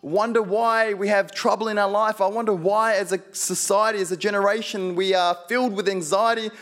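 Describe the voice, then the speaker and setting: A man's voice: sits high, steady tone, fairly quick, a bit bright. A man preaching a sermon, telling personal stories with playful asides and building to fervent exhortation.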